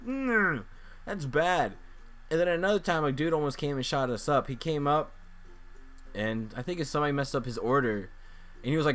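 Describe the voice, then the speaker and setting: A man's voice: a little high, animated, fairly quick, fairly bright tone, soft background music. A young man vlogging casually, telling a rambling story and acting out the voices of people he quotes.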